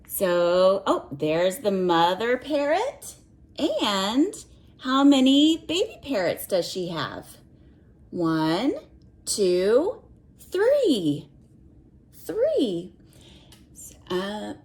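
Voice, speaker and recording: A woman's voice: on the high side, drawn-out words. A woman reading a picture book aloud to children, stopping to ask questions and count along with them. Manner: animated, asks the listener questions and counts along.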